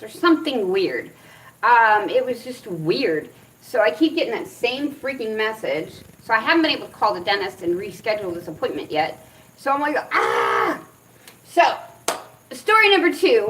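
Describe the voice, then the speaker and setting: A woman from Arizona telling personal stories in a chatty, rambling vlog style, with many ums and animated retellings. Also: a little high, distant mic, a little hiss or hum, rough recording. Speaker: cannabis vlogger. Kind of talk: casual storytelling vlog.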